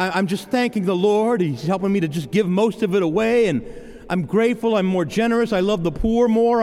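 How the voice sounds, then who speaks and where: A middle-aged pastor preaches a sermon from a church pulpit, his high voice rising and falling in lively swings. He testifies earnestly and personally, stammering and starting over, while a long reverb carries his words through the hall.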